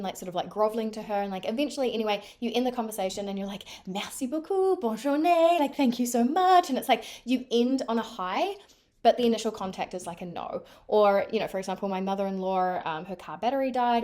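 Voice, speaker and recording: A young female vlogger with a New Zealand accent chats casually to the camera, animated and full of fillers. Her voice is medium-pitched and she speaks fast.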